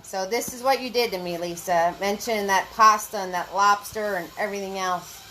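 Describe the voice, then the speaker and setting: Bright, cheerful woman teaching painting. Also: mid-range voice, steady tone, brisk, low-quality recording. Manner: chatty and encouraging, greets viewers by name. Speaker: paint party instructor. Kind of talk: live online painting lesson.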